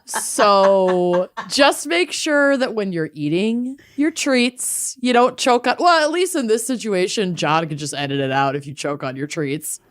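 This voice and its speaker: A woman co-hosts a podcast in a casual, joking chat. Her pitch swings widely as she tells stories with quick asides. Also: expressive. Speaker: podcast co-host.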